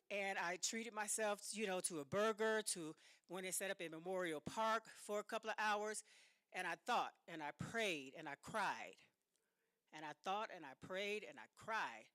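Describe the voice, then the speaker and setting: A woman's voice: medium pitch, no echo, clean studio sound. Woman telling a dramatic personal story. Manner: dramatic, animated retelling with emphatic repetition. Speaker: speaker and author.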